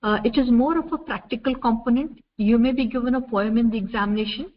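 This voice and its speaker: A woman from India giving a measured university lecture over slides, explaining step by step with frequent "uh" fillers. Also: a little high. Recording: dull lo-fi recording with faint noise.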